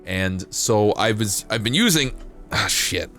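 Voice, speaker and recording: A male streamer chatting casually with his viewers, rambling and playful, sometimes jumping into high silly voices. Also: lively intonation, a little slow, fairly bright tone. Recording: faint music behind.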